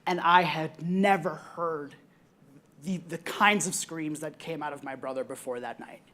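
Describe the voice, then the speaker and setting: A young woman with a somewhat low voice speaks on a conference panel. She tells a personal story earnestly and reflectively, with frequent ums along the way. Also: fairly even intonation, unhurried, a bit bright.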